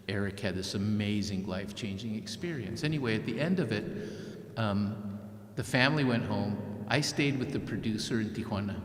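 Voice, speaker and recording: Male storyteller in a reverberant church. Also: fairly low pitch. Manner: vivid storyteller who acts out quotes. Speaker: keynote speaker and author. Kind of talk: storytelling speech. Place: large church hall.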